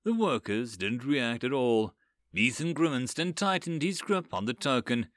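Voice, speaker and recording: A man narrating a dark fantasy story with an expressive, dramatic delivery. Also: mid-range voice, measured pace, dry recording, clean studio sound.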